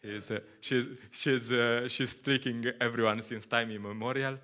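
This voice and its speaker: A man's voice: mid-range voice, steady tone, normal speed, bright, forceful tone. A man with Slovenian as his first language giving a conversational scripture class in English, often laughing and acting out little quotes. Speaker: lecturer at a temple.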